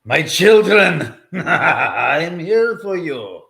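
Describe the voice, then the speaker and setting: A man's voice: fairly high pitch, sing-song, vocal fry, bright, forceful tone, reverberant, voice pushed up, exaggerated voice. A man putting on the voice of a theatrical old-world male vampire count, stretching out each word in a hammy way. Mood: grandiose. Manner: slow, drawn-out, hammy delivery.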